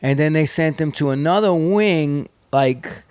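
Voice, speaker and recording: A man's voice: fairly high pitch, a little slow, a little mellow, clear, resonant tone, dry recording. A middle-aged man with a New York accent, a podcast guest telling hard stories in a rambling, profane way full of fillers and restarts. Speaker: podcast guest, punk band singer. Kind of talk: candid storytelling in conversation.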